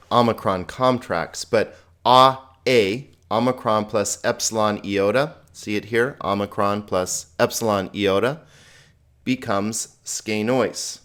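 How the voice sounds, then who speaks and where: A man teaching a recorded Greek grammar lesson in a patient, chatty way, slowly spelling out Greek words and laughing at his own typing slips. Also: lowish voice, fairly bright tone. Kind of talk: recorded screen lecture.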